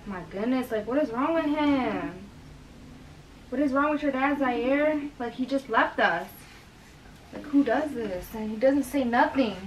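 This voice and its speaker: A woman's voice: high voice, animated, unhurried, recorded from a distance, a little hiss or hum, rough recording. A woman on a video call, exasperated and complaining.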